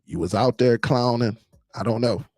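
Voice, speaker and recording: A man's voice: medium pitch, normal speed, a little mellow, no echo. A man hosting a casual live-stream show, talking loosely to his viewers and laughing often.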